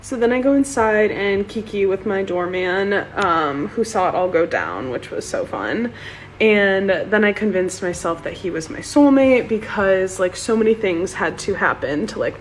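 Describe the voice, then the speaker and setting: A young woman tells a dating story in a bubbly, chatty rush. Her voice sits in a middle pitch, with faint noise in the background. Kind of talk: storytime vlog.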